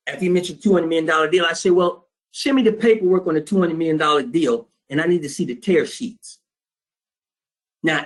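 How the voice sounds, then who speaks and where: Man, high-pitched, streetwise trading instructor, blunt storyteller. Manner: streetwise, blunt, profane, quotes both sides of a phone call. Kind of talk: storytelling lecture to students.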